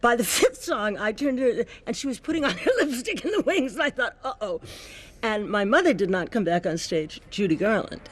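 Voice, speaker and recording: A husky older woman recalls her past as an interview guest. She tells her stories with animated energy and jumps into the voices of the people she quotes. Her delivery is warm and theatrical. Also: fairly high pitch, fairly quick, hardly any pauses. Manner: lively storyteller, acts out quoted voices. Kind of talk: animated anecdote telling.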